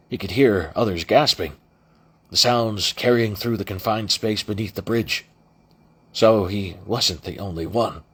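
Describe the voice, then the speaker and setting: Low, lively husky male storyteller. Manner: reads with frequent restarts and self-corrections. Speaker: audiobook reader. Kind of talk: amateur audiobook narration.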